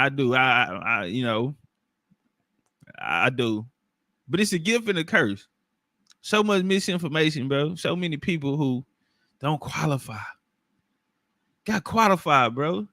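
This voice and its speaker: High bright-voiced man, rambling and profane. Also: dry recording, studio quality. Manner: loose, rambling, laughing, street slang. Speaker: commentator. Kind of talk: casual profane commentary. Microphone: own microphone.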